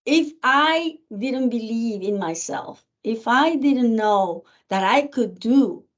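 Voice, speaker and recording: A middle-aged woman with a Spanish accent, a guest in an interview, telling her story in an earnest, animated way. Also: on the high side, takes it slowly. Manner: earnest, animated, acts out remembered dialogue. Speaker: guest speaker, county commissioner. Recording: muffled lo-fi recording.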